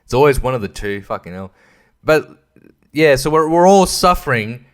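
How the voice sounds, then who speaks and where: A man's voice: medium pitch, animated, moderate pace. An Australian man hosting a solo podcast, rambling casually with lots of swearing and stumbling restarts. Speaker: podcast host.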